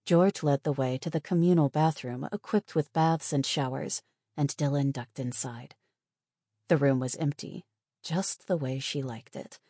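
A woman with a very deep voice narrates an audiobook in a measured, even storytelling style. This scripted narration has clean studio sound with no echo.

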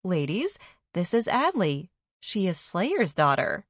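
A woman's voice: fairly low pitch, huge pitch swings, takes it slowly, no room sound, studio quality, full character voice. A woman reading an audiobook, voicing a brash, playful pregnant young woman who talks in offhand wisecracks. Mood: wry.

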